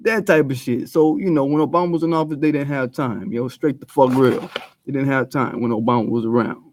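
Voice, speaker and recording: A man's voice: mid-range voice, steady tone, fairly quick, darkish tone, slight background noise. A man giving a blunt, profane commentary rant full of street slang. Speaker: video commentator.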